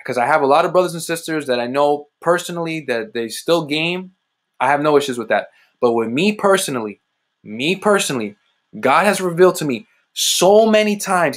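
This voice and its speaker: A young adult man sharing a personal faith testimony on a livestream, speaking emphatically and repeating phrases, with sudden rises in pitch. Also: animated, a little fast. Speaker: ministry host giving testimony.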